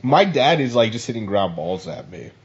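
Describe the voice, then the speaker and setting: A man co-hosting a podcast, telling a story in lively casual chat. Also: mid-range voice, moderate pace. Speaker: podcast co-host. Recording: dull lo-fi recording.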